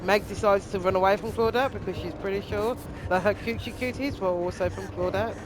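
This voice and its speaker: A woman's voice: medium pitch, steady tone, a little fast. A woman hosting a gaming channel, making up a crude, rambling comic story over gameplay. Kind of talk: comedic made-up narration over gameplay.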